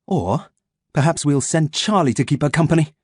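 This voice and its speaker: A man reading an audiobook, voicing a scheming male scientist villain who taunts in a silky, mock-gentle manner. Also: fairly high pitch, expressive, normal speed, breathy edge, no echo, studio quality, voice pushed up. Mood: taunting.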